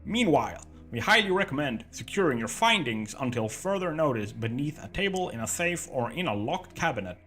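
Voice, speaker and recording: A man reading a letter aloud in a deliberately bad fake American accent, as a formal agency director. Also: medium pitch, sing-song, soft background music. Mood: formal hammy. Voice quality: loud, hammy reading voice.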